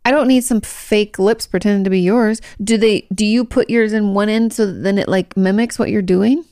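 A woman's voice: mid-range voice, normal speed, no echo, studio quality. A woman co-hosting a podcast, chatting casually and telling stories with frequent laughs. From Washington state. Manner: chatty, laughs often, animated storytelling. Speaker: podcast co-host. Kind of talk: casual chat.

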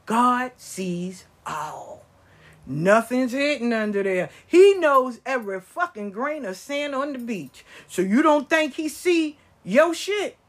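Husky woman storyteller, profane and animated, loud one moment and murmuring the next. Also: slow pace. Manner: profane, animated, swings between loud bursts and low murmurs. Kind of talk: storytelling talk.

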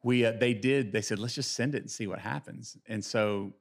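A man who is a guest on a podcast, telling a story in a rambling, halting way, with many restarts. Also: on the low side. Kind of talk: casual interview chat.

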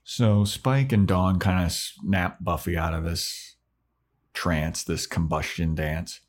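Deep-voiced man recapping casually. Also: steady tone, slow pace. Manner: loose, profane storytelling. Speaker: podcast host. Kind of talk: casual chat, recapping episodes.

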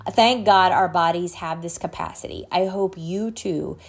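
Here a podcast host reads an article in a measured manner, her lowish voice carrying vocal fry and a breathy edge. Every so often she halts to correct a slip.

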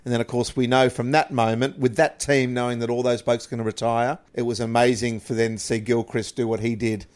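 A middle-aged Australian man chatting about cricket as a guest, an animated storyteller who jumps up into excited bursts. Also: mid-range voice, a little fast. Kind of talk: casual cricket chat.

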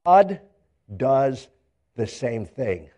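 An older male pastor preaches a sermon, telling stories in an animated way and acting out the characters. He speaks very slowly at a medium pitch, often stammering and repeating words as he builds up.

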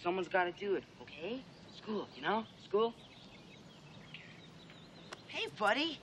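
An actor playing a wisecracking, mocking high school boy in a film scene. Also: sing-song, a little slow, bright, forceful tone, exaggerated voice. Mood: coaxing. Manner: jokey, teasing, then soothing. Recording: film audio with faint background noise.

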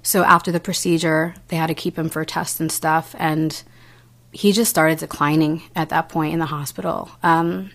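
A young woman speaking as an interview guest in a fairly low voice, earnest and halting. She restarts often and leans on fillers as she tells a personal story. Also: level tone, fairly bright tone.

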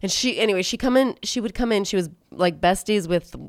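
Animated, swearing woman podcast co-host. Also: medium pitch, a little fast, dry recording, clean studio sound. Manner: animated, swears, breaks into laughter, puts on silly voices. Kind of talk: casual chat.

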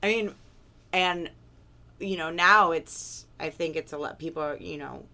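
A woman from Southern California co-hosts a casual podcast chat in a very low voice. She rambles through her stories, full of fillers and restarts. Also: unhurried, bright, forceful tone. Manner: rambling, filler-heavy storytelling. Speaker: podcast co-host.

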